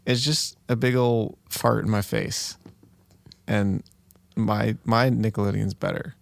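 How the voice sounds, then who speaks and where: A man's voice: on the low side, fairly even intonation, slow, gravelly, dry recording. A man in his thirties co-hosting a podcast, chatting casually with a dry, joking manner. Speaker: podcast co-host. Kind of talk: casual chat.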